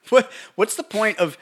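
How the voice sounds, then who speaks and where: A young man co-hosting a podcast, chatting casually with goofy deadpan humor and stumbling restarts. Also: high voice, husky. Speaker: podcast co-host. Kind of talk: casual chat.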